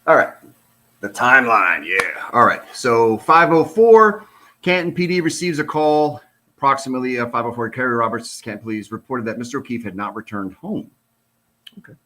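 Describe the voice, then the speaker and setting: A man's voice: medium pitch, normal speed, bright, forceful tone. A middle-aged man, a retired police officer, gives casual commentary on a released document. He talks in an exasperated, sarcastic, rambling way.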